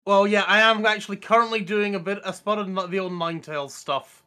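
A man rambles through an excited gaming anecdote, restarting sentences as he goes. His voice sits fairly high and sounds bright and forceful. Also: fast, smooth. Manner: rambling, enthusiastic storytelling with many restarts. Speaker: podcast co-host. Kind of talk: casual gaming chat.

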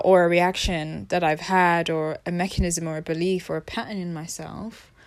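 A woman speaking in a casual, reflective monologue about emotional self-healing. She restarts her sentences often and sometimes drops to a near-whisper. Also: fairly low pitch. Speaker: spiritual self-help speaker.

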